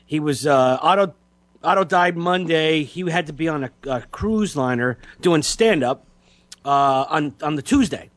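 Halting man telling a story, dry mic. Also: on the high side, animated, no room sound. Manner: halting, repeats words, many fillers. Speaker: radio show host. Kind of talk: casual storytelling chat.

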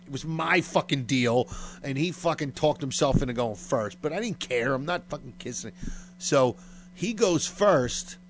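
A man telling a long, crude story in casual chat, full of fillers and swearing. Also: mid-range voice. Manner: rambling and profane, heavy on fillers.

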